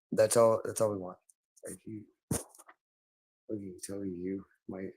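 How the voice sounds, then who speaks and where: A man's voice: on the low side, flat delivery, fast, darkish tone. A man talking straight to the listener in a rambling monologue, urgent and pleading, repeating the same phrases over and over. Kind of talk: rambling direct-to-camera monologue.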